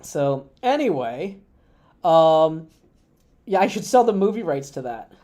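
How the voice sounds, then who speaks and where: A man hosting a live stream in a mellow, warm tone, spinning a meandering story full of ums and asides. He chats casually from his streaming computer at a convention. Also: fairly high pitch, big pitch swings, takes it slowly. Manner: rambling, chatty anecdotes with many fillers. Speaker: livestream host. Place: indoors at a gaming convention. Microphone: streaming setup at a computer.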